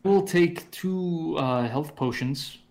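A man's voice: fairly high pitch, slow pace, darkish tone. Easygoing young man playing a game. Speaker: player. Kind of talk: casual game chat.

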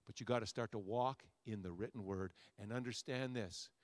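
A man, a pastor, preaching a sermon to his congregation, with a repetitive, rousing cadence that swings between loud soaring lines and quiet asides. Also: on the low side, normal speed, no room sound. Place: church sanctuary before a congregation.

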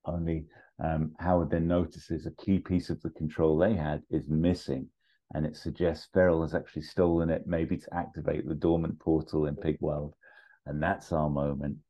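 A man casually pitching a film idea on a podcast, rambling and acting out bits as he goes. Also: little pitch movement, dark tone. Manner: rambling, acts out bits with quick voices. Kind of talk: casual storytelling chat.

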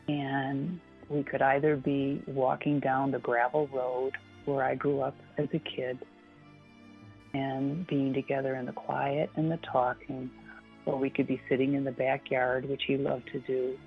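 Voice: mid-range voice, gravelly. A guest reminiscing fondly in an interview, smiling and laughing often while speaking. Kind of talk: personal interview conversation. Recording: tinny phone-line audio with faint music.

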